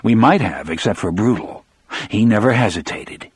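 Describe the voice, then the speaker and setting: A man's voice: fairly low pitch, expressive, normal speed, slightly rough. A man narrating an audiobook in the first person, with a dramatic storyteller delivery.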